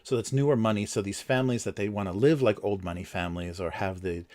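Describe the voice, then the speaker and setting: A man's voice: lowish voice, quick pace, a little mellow. A man hosting a casual livestream, talking in a rambling way with many fillers and restarts. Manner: chuckles between points. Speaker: livestream host.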